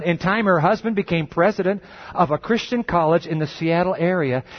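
On a dull, lo-fi recording, a preaching man relates a story with dramatic flair. To underline his points, he drops his voice low and slows way down.

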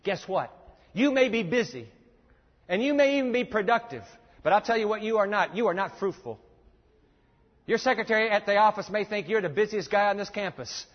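A man's voice: sits high, animated, a little fast. A man preaching a sermon, emphatic, repeating his points and telling listeners to jot them down. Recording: echoey dull lo-fi hall recording.

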